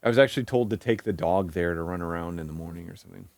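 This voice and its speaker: A man's voice: low voice, very fast, darkish tone, no room sound. A young man streaming live, talking casually and rambling, with many restarts and fillers.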